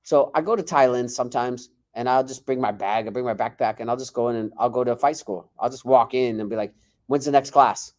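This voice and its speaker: Animated man telling stories. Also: mid-range voice, fast, hardly any pauses. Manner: animated, acts out quoted dialogue. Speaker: martial arts instructor and guest. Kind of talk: casual podcast storytelling.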